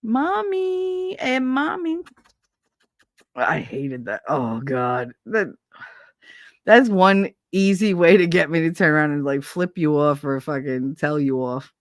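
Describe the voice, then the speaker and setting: A woman's voice: deep voice, unhurried, dry recording, studio quality. A woman hosting a live stream in casual chat, telling profane stories and laughing often. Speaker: streamer host.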